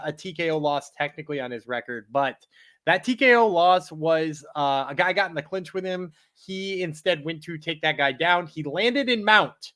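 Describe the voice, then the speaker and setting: Relaxed man breaking down fights casually. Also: a little high. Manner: relaxed, rambling with many uh fillers. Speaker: podcast co-host. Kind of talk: casual analysis chat.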